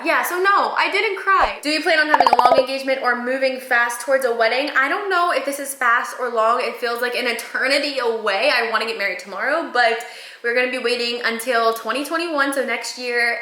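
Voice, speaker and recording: A woman in her twenties, chatting excitedly to camera as a vlogger and telling a story. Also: a little high. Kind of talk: casual chat. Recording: echoey room.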